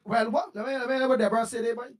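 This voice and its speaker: A man's voice: very high voice, steady tone, racing, no echo, clean studio sound. A Trinidadian man hosting a live morning show, chatty and playful, greeting viewers by name and laughing often.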